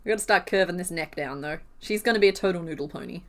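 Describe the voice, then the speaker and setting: A woman's voice: on the low side, quick pace. A woman chatting casually on a crochet live stream, counting stitches half under her breath and laughing easily. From Western Australia.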